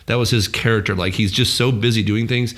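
A man's voice: fairly low pitch, fairly even intonation, brisk, fairly bright tone. A man hosting a casual podcast chat, working through his notes and asking his co-hosts questions. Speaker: podcast host.

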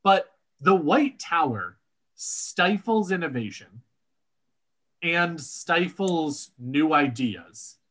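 A man co-hosting a casual podcast about a book series, talking in animated, emphatic bursts. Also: a little high, extremely slow. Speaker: podcast co-host.

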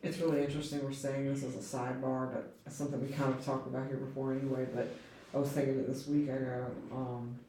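A man's voice: medium pitch, flat delivery, fast, warm tone. A man chatting casually in a Bible study discussion, full of fillers and acted-out quotes. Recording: very echoey room with faint noise.

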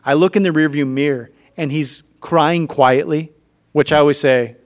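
A man's voice: on the high side, moderate pace. A man in his thirties telling a family story in a faith conversation, acting out the voices in it. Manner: animated storyteller acting out dialogue.

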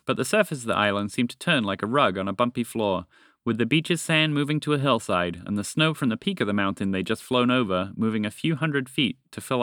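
A man reading a children's fantasy story aloud as a podcast host, with expressive narration. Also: mid-range voice, no echo, studio quality. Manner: expressive, animated.

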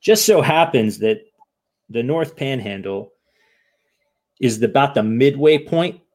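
Man, casual storytelling, animated, acts out quotes, tag questions. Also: mid-range voice, measured pace. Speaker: guest telling a story.

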